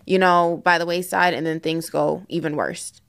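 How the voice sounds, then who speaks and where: A woman tells a story in relaxed podcast chat. Her voice is low, gravelly and smooth, and she acts out the lines of the people in it. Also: normal speed. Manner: storytelling, animated quoting of others. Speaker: podcast co-host. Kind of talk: casual chat.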